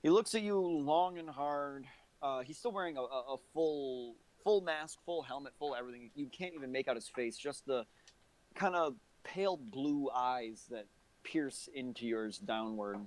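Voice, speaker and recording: Man, game master, descriptive narration, mid-pitched. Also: lively intonation, moderate pace.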